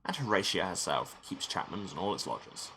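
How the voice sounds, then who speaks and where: A man's voice: low voice, very animated, a little fast, pushed and bright, slight background noise. A man hosting a game playthrough, reading the story text aloud and adding wry asides. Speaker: let's play host.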